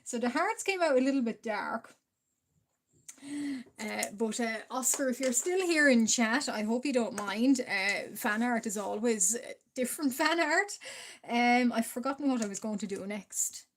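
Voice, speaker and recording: A woman with an Irish accent chats hesitantly with her livestream viewers while she draws. Her voice is a little high, animated and a little slow, and she uses many fillers and laughs frequently in small bursts.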